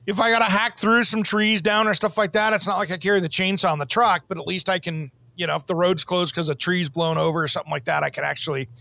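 With a high, steady voice that's pushed and bright, with vocal fry, a man talks quickly and barely pauses while hosting a podcast. His casual chat drifts through easygoing stories, and he's quick to laugh.

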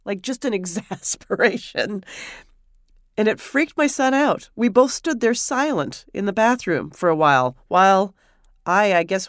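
A woman hosting a podcast tells a personal story with wry, self-mocking humor. Her voice sits at an ordinary middle pitch, and it is recorded close and dry with no room sound. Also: dry recording. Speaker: podcast host. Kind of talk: storytelling monologue.

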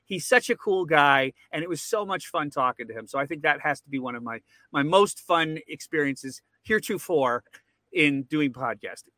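Male interview guest: bright edgy tone, rambling and excitable, dry close mic. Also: on the high side, moderate pace, dry recording. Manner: rambling, repeats words when excited. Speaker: podcast guest. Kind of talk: casual interview.

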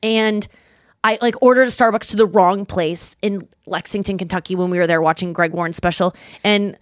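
A woman in her thirties co-hosting a podcast, telling rambling stories in a lively, animated way with frequent restarts. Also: medium pitch, moderate pace, dry recording, studio quality. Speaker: podcast co-host. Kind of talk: casual chat.

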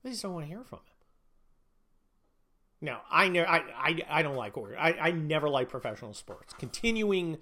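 A man's voice: a little high, big pitch swings, moderate pace, long pauses, sharp tone. A man hosting a podcast, ranting about politics in a profane, sneering, mocking way. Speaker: podcast host.

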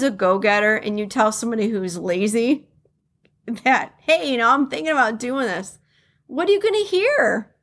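Blunt, animated woman podcast host. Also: on the high side, normal speed. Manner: candid and blunt, acts out what others say, laughs often. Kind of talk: motivational solo podcast talk.

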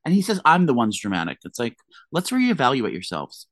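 His voice is medium-pitched and a bit bright, with huge swings in pitch, and there's a faint hiss or hum underneath. As a podcast co-host in casual chat, he tells gossipy stories quickly and with plenty of drama.

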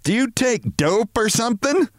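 A man voicing a loud, bossy older woman who shouts and brays, in a read-aloud story. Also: sing-song, measured pace, dry recording, clean studio sound. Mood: indignant. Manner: shrill, shouting and braying.

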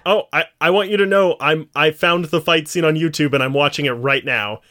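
A man's voice: on the high side, brisk. Man retelling a story, acting out lines. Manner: animated storyteller, acts out quoted lines. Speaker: podcast co-host. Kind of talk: casual chat.

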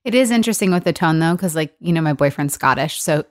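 A woman hosting a podcast, talking in a breezy way and quick to laugh. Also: low voice, lively intonation. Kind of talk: casual chat.

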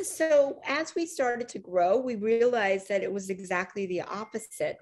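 A middle-aged woman, an agency CEO, telling stories in an interview, animated and full of fillers, acting out quoted lines. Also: medium pitch. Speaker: agency CEO, podcast guest. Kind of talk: conversational interview storytelling.

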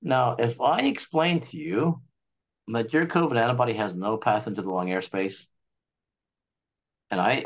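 A man talking as a doctor and guest on a casual interview show, animated and ranting as he lays out his theory. His voice sits at a middle pitch and swings widely in tone. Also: dull audio.

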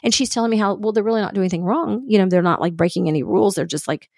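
Rapid-fire and gravelly, this mid-range female voice belongs to a podcast co-host telling a story in casual conversation. She brings the quoted lines of other people to life as an animated storyteller, captured in a dry, studio-quality recording.

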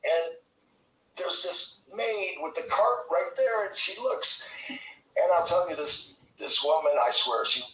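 A man's anecdote plays as a clip: he rambles, laughs and acts out the others in the story. His voice is high, pushed and bright, slow with big pitch swings, with a little hiss or hum on a distant, echoey recording with faint TV sound behind it.

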